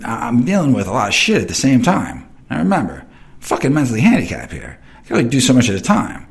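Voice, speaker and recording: Deep-voiced middle-aged man, rambling and profane. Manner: rambling, swears constantly, talks straight to listeners; reads and answers chat comments. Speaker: host of an internet radio show. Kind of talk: casual profane monologue.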